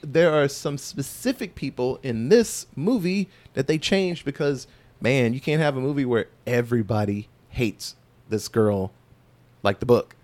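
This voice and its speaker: A man of ordinary pitch chats through a movie recap like a podcast host. He talks in a folksy, rambling way and tosses in loose asides. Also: expressive, measured pace, a little mellow. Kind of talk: casual chat.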